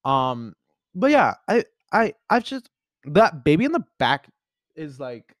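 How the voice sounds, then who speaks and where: A man's voice: a little high, very animated, slow pace, dry recording, studio quality. A young American man hosting a casual solo podcast, rambling along with lots of "like" and restarts in a playful way. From United States. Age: young adult. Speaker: podcast host.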